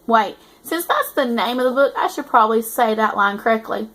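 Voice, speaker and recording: A woman's voice: fairly high pitch, animated, brisk, hardly any pauses, fairly bright tone. A woman author reading her book aloud and breaking off into self-mocking, chatty asides.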